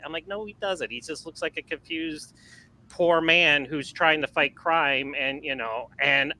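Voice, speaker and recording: A man chatting casually about movies as a podcast guest, rambling and animated, with lots of fillers and restarts. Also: on the high side, moderate pace, rough recording.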